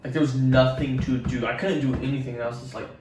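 A man's voice: mid-range voice, fairly even intonation, fast, distant mic. A young man on a podcast, rambling through school stories with lots of swearing and acted-out quotes. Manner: rambling, profane, acts out quotes. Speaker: podcast co-host. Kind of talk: casual podcast storytelling. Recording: echoey room, off-mic with faint noise.

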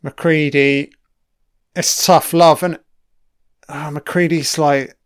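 A man with a smooth, clear, slightly high voice drawls through a casual film commentary, swearing constantly and gushing over scenes before trailing off into asides. His intonation is fairly even, his pace slow with frequent pauses, and the recording is close and dry with no room sound.

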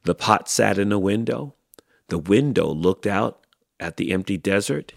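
A man hosting a podcast, reading a children's book aloud in a slow, expressive storytelling manner. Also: fairly low pitch, creaky, dry recording, studio quality. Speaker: podcast host.

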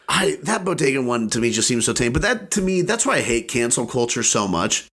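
Lively young man chatting and joking. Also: medium pitch, a little fast, vocal fry, few pauses, husky. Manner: animated, swoops into playful voices. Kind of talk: casual chat.

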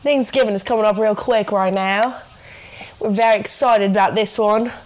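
A woman's voice: medium pitch, steady tone, moderate pace, poor audio. A young American woman hosting a casual podcast, giggly and swearing freely. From United States. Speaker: podcast host. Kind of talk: casual chat.

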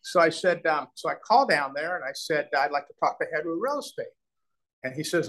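Animated older male storyteller. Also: fairly high pitch, a little fast, poor audio. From Omaha. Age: 60s. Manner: animated storyteller, acts out quoted dialogue. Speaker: real estate developer, guest. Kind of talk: storytelling interview.

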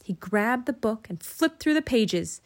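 A woman narrating a children's storybook in an expressive, lilting way. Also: a little high, unhurried. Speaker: audiobook narrator.

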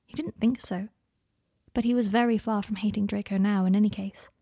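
Brief: woman storyteller, husky, unhurried, dry close recording. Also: mid-range voice, steady tone, mellow, dry recording. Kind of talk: fan fiction narration.

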